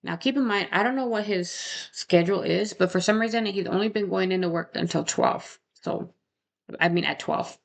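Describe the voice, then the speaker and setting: A woman's voice: mid-range voice, moderate pace, creaky. A woman narrating a true crime case in a casual, conversational way, often tagging "right?" and adding indignant asides.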